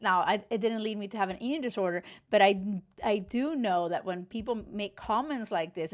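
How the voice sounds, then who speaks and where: A woman in her thirties hosting a dating advice podcast, giving frank, casual commentary full of "like" and "you know". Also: mid-range voice. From Cuban heritage. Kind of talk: casual reality-show commentary.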